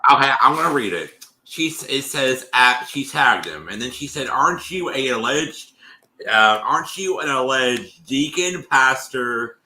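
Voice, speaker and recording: A man on a livestream reading a post aloud haltingly, stumbling over words with fillers. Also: mid-range voice, animated, bright, forceful tone, echoey room.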